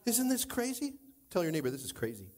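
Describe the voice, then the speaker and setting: A male pastor delivers a lively sermon in church. His voice sits high, and he moves between loud, excited exclamations and low, confiding asides. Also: quick pace.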